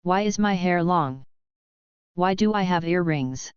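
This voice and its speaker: A woman's voice: on the low side, a little slow, smooth, no echo, muffled recording, natural voice. A woman reading the lines of a brash young male gunman in a storybook audiobook, bewildered. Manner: shouting, bewildered.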